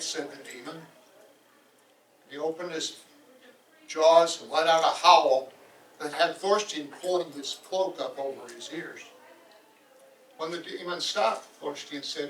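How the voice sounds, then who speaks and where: A man tells an old saga aloud with lively energy. His voice sits fairly high and reaches the mic from across the room. The hall echoes noticeably. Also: a little slow, pauses often. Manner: lively, animated telling. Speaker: storyteller. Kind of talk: live oral storytelling of a saga. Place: event hall. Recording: roomy hall, voice from far off.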